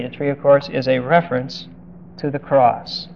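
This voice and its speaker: A man's voice: mid-range voice, flat delivery, moderate pace, creaky, darkish tone. Emphatic male preacher, lo-fi recording. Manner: emphatic, stretches key words and asks the listeners direct questions. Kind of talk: expository sermon on a Bible passage. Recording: dull lo-fi recording with faint hiss.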